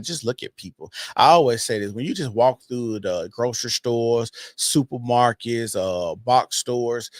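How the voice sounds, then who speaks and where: A man's voice: mid-range voice, no echo, clean studio sound. A man hosting a casual podcast, talking loosely and profanely and laughing often. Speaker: podcast host.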